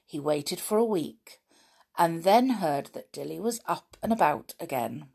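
A woman reading a children's story aloud, gentle and expressive. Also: low voice, moderate pace, vocal fry, slightly rough.

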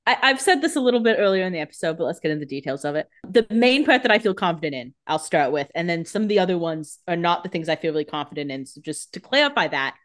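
A woman's voice: fairly low pitch, very animated, fast talker, hardly any pauses. A woman co-hosting a casual podcast, joking, swearing freely and acting out exasperated reactions. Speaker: podcast co-host. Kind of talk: casual chat.

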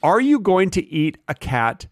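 A man co-hosting a podcast in casual comedic chat, deadpan and playfully absurd, with wide pitch swings. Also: unhurried, no echo, clean studio sound. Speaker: podcast co-host.

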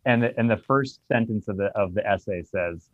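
A man's voice: fairly low pitch, brisk, no echo, dull audio. A man who owns a bar, telling a long, profanity-laced anecdote in casual chat. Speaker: bar owner. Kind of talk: casual storytelling.

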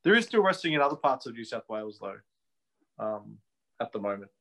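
Chatty Australian man, mid-pitched. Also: sing-song, brisk, gravelly, a bit bright. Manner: chatty, opinionated, laughs easily. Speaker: wrestling podcast co-host. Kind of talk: casual chat.

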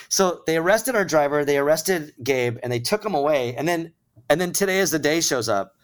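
A man, a musician guest, telling a tour story in casual, animated talk, full of swearing and acted-out dialogue. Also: medium pitch, normal speed, clean tone.

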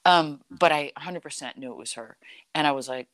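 Low-voiced woman telling a story. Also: brisk, no echo. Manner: animated, acts out quoted dialogue, frequent "like" and "you know". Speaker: guest telling a personal story. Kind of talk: conversational storytelling.

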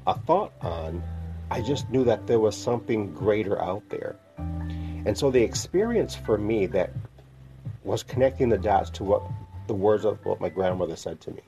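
Deep-voiced man sharing a heartfelt testimony. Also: animated, over music. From northern Illinois. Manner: reflective, heartfelt storytelling with pauses. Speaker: podcast host. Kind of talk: personal testimony.

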